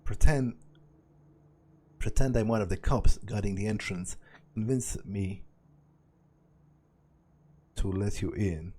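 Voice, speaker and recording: A man voicing a gravelly vampire fixer. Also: fairly low pitch, takes it slowly, long pauses, warm tone. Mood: testing. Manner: brusque, calls the listener kid. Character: gruff male vampire fixer, streetwise, cigar-smoking.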